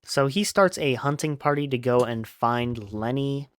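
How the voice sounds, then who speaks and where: A man's voice: mid-range voice, measured pace, smooth. A man hosting a podcast, casually retelling a novel in a chatty way. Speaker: podcast host.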